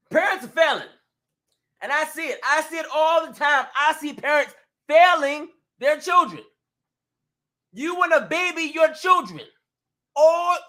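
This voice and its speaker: High bright voiced guy ranting loud, repeats himself a lot. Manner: loud, emphatic, repetitive. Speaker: host. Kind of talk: ranting commentary.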